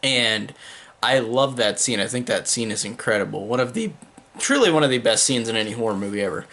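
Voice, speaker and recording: A man's voice: medium pitch, fairly bright tone. A man casually reviewing a horror movie, rambling with lots of "like" and "um" and gushing with enthusiasm. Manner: rambling, heavy use of "like" and "um".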